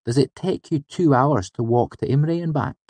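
A man voicing Willem, a calm, dry-humoured young male student, in an audiobook reading. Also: medium pitch, normal speed, dry recording, voice pushed up, close to an everyday voice. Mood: deadpan. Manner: flat, deadpan.

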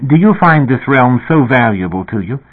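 A man reading a calm, cryptic young woman in a raised voice, cool and lightly teasing, through a narrow-band radio sound. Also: mid-range voice, moderate pace, husky, voice pushed up.

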